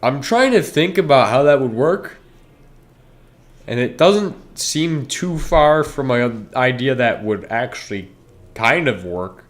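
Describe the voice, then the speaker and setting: A man's voice: mid-range voice, lively intonation, slow. Male streamer, casual rambling chat with viewers, frequent restarts. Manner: rambling, self-interrupting, talks straight to chat.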